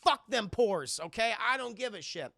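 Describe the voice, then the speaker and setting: A man's voice: very high-pitched, lively intonation, moderate pace, gravelly, sharp tone, no room sound, clean studio sound, voice pushed up, full character voice. A man voicing a cold, cruel male villain who taunts and threatens his victim. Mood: taunting menace.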